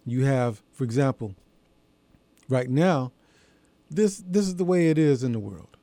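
A man hosting a religious radio program, preaching in a measured, emphatic way with deliberate pauses. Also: medium pitch, animated, warm tone, dry recording. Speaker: radio show host and preacher. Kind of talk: radio sermon.

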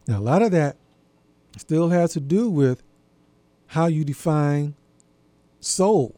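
A man with a fairly high but very dark, mellow voice, talking in a slow, folksy monologue. He stops to pose questions straight to his listeners. The sound is dry and close. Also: no room sound. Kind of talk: reflective monologue.

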